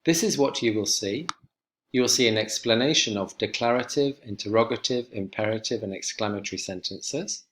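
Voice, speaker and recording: A man teaching an online English lesson, walking students through exercises with slow, clear instructions. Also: on the low side, fairly bright tone, slight background noise. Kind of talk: recorded online lesson walkthrough.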